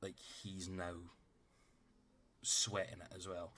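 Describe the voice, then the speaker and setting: A man's voice: deep voice, completely flat delivery, takes it slowly, bright, forceful tone, a little hiss or hum. A man running a tabletop game as game master, narrating loosely with lots of fillers and casual swearing.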